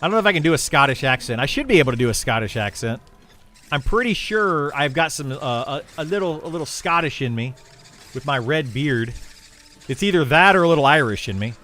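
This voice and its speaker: A man's voice: a little high, a little fast, a little hiss or hum. Laid-back rambling male streamer. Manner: rambling, relaxed, many fillers and restarts. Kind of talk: casual livestream chat with viewers.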